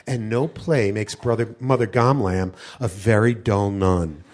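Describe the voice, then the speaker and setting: A man voicing a serene older woman, a head nun, speaking calmly and slowly. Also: on the low side, slight background noise, voice pushed down, natural voice. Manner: calm, slow, unbothered.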